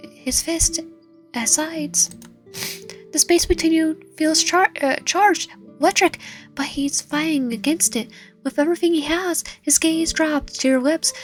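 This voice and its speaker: A woman with a fairly high voice narrates a romance visual novel on her gaming channel. She reads haltingly, often tripping over a word and fixing it. Faint music plays underneath. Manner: halting reading with frequent slips and self-corrections.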